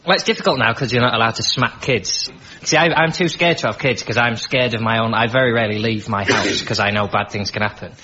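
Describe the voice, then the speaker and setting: A man, a comedian on a panel, joking in a deadpan, self-mocking way. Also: medium pitch, fast, a little hiss or hum. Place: studio with live audience. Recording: muffled, loud audience laughter.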